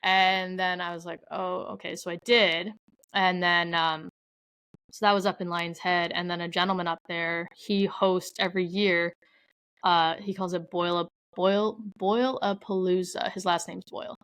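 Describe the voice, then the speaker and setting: Chatty woman with a lowish, dry voice. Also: little pitch movement, a little slow, fairly bright tone, clear, resonant tone, dry recording, poor audio. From Canada. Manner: chatty storyteller, heavy use of "like". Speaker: podcast guest. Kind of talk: casual interview chat.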